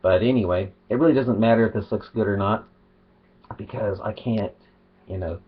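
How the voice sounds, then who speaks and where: A man's voice: on the low side, normal speed, slightly rough. A man talking casually to his webcam at home, rambling and breaking off his own sentences. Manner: rambling, self-interrupting. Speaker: video blogger. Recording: dull lo-fi webcam audio.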